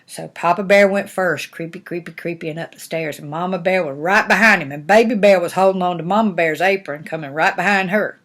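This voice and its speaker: An older woman, a grandmother, telling a bedtime-style fairy tale to her grandchildren in a folksy, animated, homespun way. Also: lowish voice, brisk, few pauses. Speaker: grandmother reading stories. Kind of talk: storytelling to grandchildren.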